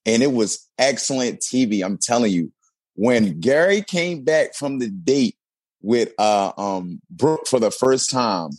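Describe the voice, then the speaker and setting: A man who is a reality dating show cast member, telling stories in an animated, casual way with lots of fillers. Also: mid-range voice, measured pace, dry recording. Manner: animated storytelling with many fillers. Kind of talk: casual interview chat.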